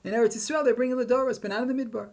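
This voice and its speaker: A man's voice: extremely high pitch, fairly even intonation, very fast, a little mellow. A man giving a Torah lecture, posing questions and chanting Hebrew verses with emphasis. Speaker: rabbi teaching Torah.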